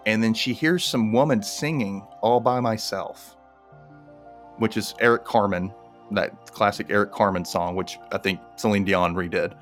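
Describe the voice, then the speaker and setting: A man's voice: on the low side, normal speed, soft background music. A man casually recapping a TV episode with a co-host, often acting out the characters in a raised voice. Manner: animated, acts out characters in a raised voice. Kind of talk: casual chat.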